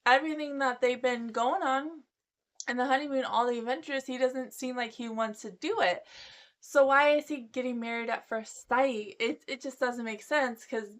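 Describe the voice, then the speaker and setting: A talkative woman recapping a reality show in a casual, gossipy way. Her voice sits a little high. She slips into playful impressions of the people she talks about. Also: normal speed. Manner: chatty, gossipy, acts out quotes. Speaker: recap vlogger.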